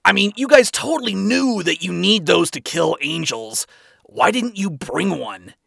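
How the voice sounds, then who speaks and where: A man doing a brash, gravelly angel bro. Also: high voice, lively intonation, unhurried, fairly bright tone, dry recording, clean studio sound, voice pushed up, exaggerated voice. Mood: mocking. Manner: brash, crude and mocking. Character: crude boastful male angel, first man. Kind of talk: fan fiction reading.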